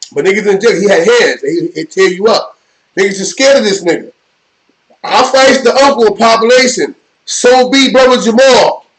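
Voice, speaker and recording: A middle-aged man tells a long jail story on his live stream. His voice sits high for a man, and he rambles with loose street slang, often checking in with "you know what I mean." He sounds relaxed and unscripted. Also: rough recording. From New York. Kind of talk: casual storytelling.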